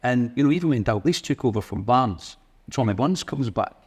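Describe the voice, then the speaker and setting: A man of ordinary pitch hosting a laid-back sports chat. He asks open, easygoing questions. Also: animated, brisk, slightly rough. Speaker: podcast host. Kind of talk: casual interview chat.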